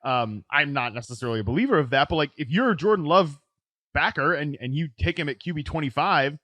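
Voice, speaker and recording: A man hosting a casual sports podcast, talking in quick bursts with frequent restarts and "right?" tags. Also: a little high, animated, pushed and bright, no room sound. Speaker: podcast host. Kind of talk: casual fantasy football chat.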